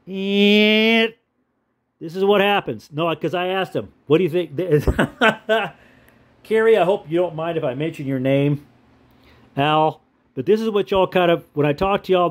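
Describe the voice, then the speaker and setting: A man's voice: sits high, unhurried. An older man, a veteran, giving casual commentary while marking up a map, chatty with rhetorical questions and chuckles.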